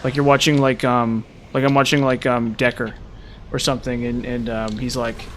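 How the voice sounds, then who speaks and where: A man's voice: medium pitch, level tone, moderate pace, a little hiss or hum. A man with a mild Utah accent, chatting casually with viewers on a live stream. He rambles, repeats words and uses many fillers. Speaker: gaming streamer.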